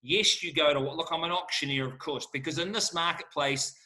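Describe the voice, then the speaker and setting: A man's voice: a little high, fairly quick, pushed and bright. A middle-aged man, answering questions as an auctioneer in an emphatic, fired-up salesman manner. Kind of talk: lively Q&A answers.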